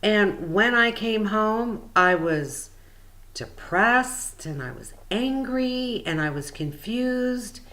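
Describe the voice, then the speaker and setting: A woman's voice: mid-range voice, lively intonation, takes it slowly, fairly bright tone. A woman spiritual coach explaining things in a casual, meandering, chatty way with frequent fillers.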